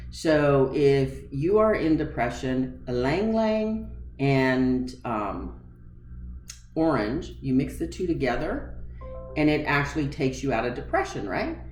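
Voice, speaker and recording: A woman in her forties with a low voice tells a candid, emotional personal story in a reverberant room in her home, with a little hiss or hum on the recording. Her retelling is animated, with quoted dialogue as she acts out remembered conversations.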